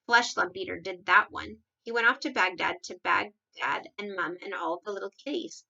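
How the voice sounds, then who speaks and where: A woman's voice: moderate pace, vocal fry, bright, forceful tone, dull audio. A woman voicing a huge kindly male giant who talks in muddled, mangled English. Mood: eager. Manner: mangled English, booming and eager.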